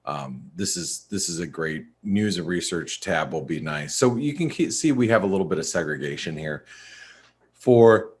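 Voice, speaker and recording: Tired and yawning, a webinar host rambles through a screen-share walkthrough during a live trading session, stumbling over fillers and restarts. His voice is low and darkish yet animated, at normal speed, with slight background noise behind it.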